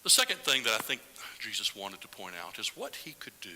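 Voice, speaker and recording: Animated preacher man, bright sermon voice. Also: lowish voice, fairly quick, in a large hall, low-quality recording. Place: church sanctuary.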